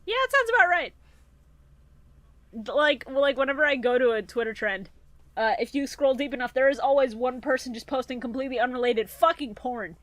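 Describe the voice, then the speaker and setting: High-voiced woman podcast host, swears a lot, super animated, dry close mic. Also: no room sound. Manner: crude, animated, quick to laugh. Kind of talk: casual chat.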